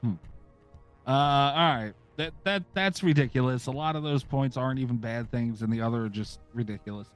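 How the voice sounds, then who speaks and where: A man's voice: mid-range voice, fairly quick, clear, resonant tone, faint music behind. Sarcastic swearing male podcast host. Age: middle-aged. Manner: sarcastic, swears freely, rants. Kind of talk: casual podcast chat.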